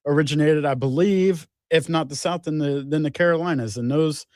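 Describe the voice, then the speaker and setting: A man's voice: a little high, a little fast, darkish tone, no echo, clean studio sound. A man co-hosting a sports radio show, chatting casually and hesitantly with lots of likes and ums, chuckling often.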